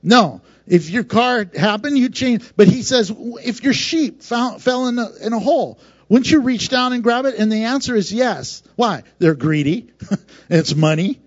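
A man preaching a sermon in a conversational, animated way, laughing often and acting out voices. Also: very high voice, unhurried, dry recording, highs cut off. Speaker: pastor.

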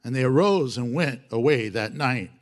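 A man preaching a sermon in a folksy, expressive way, teaching through a scripture passage. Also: medium pitch, normal speed. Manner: expressive, folksy, laughs often.

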